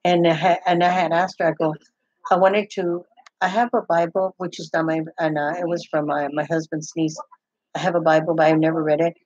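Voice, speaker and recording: Older woman with a husky voice, rambling. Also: deep voice, flat delivery, fairly quick, darkish tone, dry recording. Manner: rambling, full of restarts and "I go". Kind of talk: casual chat. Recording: dull, muffled, lo-fi sound.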